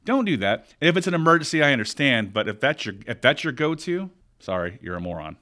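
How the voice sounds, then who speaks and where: Male podcast co-host, animated and emphatic, pitch that rises and falls widely, casual delivery. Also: fast. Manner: animated storytelling, rants with emphasis. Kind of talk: casual chat.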